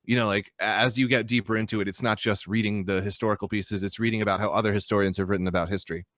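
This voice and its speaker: A young adult man co-hosting a podcast, talking in casual chat with animated, profane ranting. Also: fairly low pitch, rapid-fire, no echo, studio quality. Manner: animated, swearing, ranting critique. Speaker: podcast co-host. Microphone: podcast microphone.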